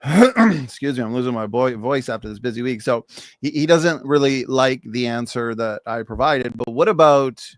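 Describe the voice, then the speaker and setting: A man's voice: medium pitch, moderate pace, no echo, clean studio sound. A man hosting a live seminar, posing questions to his guest and passing along comments from the chat. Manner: poses questions, relays viewer chat. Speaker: host.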